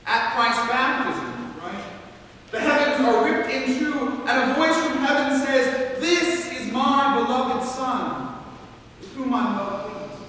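Male pastor with an American accent, high bright voice, slow earnest sermon delivery; recorded from a distance in a reverberant church. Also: slight background noise. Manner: earnest preaching, builds to emphatic repeated phrases. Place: large church sanctuary. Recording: echoey church, distant mic.

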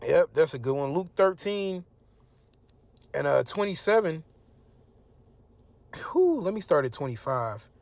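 A man reading scripture verses slowly, then explaining them in loose, casual street slang. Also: fairly high pitch, very animated, creaky, a little mellow, no room sound. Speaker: religious teacher. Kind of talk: informal scripture teaching.

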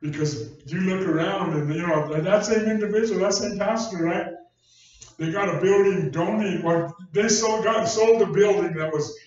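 High-voiced preaching man in an echoey church. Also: moderate pace, darkish tone. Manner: conversational storytelling preaching, folksy. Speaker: pastor. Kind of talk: sermon. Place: church hall. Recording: distant echoey church recording, dull sound.

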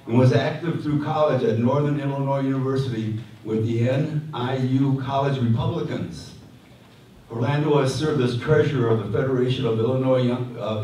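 Here a man with a warm, medium-pitched voice introduces conference panelists in a community hall, throwing in jokes and frequently starting over. The sound comes from far off in an echoey hall with faint noise.

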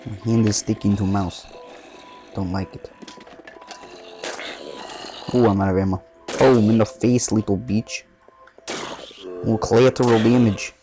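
A man putting on a mock Russian accent as a deadpan, trash-talking gamer persona. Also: lowish voice, measured pace, pauses often, music in the background, close to an everyday voice, rough recording. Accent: put-on Russian.

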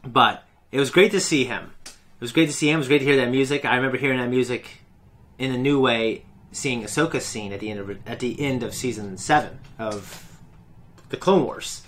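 A man's voice: mid-range voice, fairly quick, fairly bright tone, slight background noise. A man hosting a reaction video, chatting casually and enthusiastically in a rambling, self-correcting way. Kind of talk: casual fan commentary.

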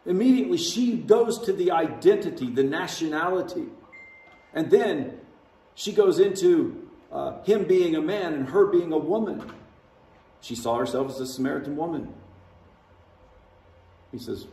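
A pastor's voice, on the high side and warm, moves at normal speed with lively intonation as he preaches a conversational sermon full of dramatic voiced quotes. Heard from a distance in a large church sanctuary, the echoey recording has slight background noise.

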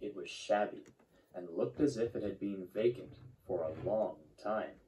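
A man narrating a children's train story in a measured, expressive storytelling manner. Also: fairly low pitch, a little hiss or hum, poor audio. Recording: loud background music.

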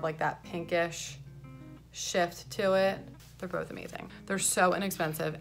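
A woman's voice: on the low side, creaky. A woman makeup artist chatting casually through a tutorial at home, a little out of breath, with lots of "like" in her talk. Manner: chatty, filler-heavy, enthusiastic about products. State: a bit out of breath.

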